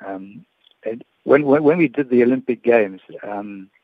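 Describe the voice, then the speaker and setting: Older man, halting, on a tinny phone line. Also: mid-range voice, no echo. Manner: hesitant, many repeated words and restarts. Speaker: guest, veteran sports broadcaster. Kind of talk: phone-in reminiscence.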